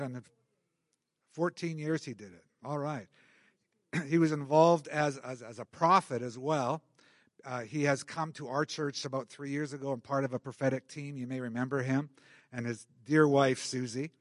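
A pastor welcoming the church and introducing the guest speakers, talking with many pauses and restarts. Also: male voice, medium pitch, fairly even intonation, dry recording, studio quality. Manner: halting, many fillers and restarts.

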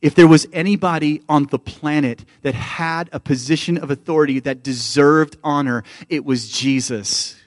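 A Canadian man preaching a sermon as lead pastor. He is emphatic and keeps calling out to the church. His voice sits a little high and sounds close and dry, with no room echo. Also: moderate pace, hardly any pauses.

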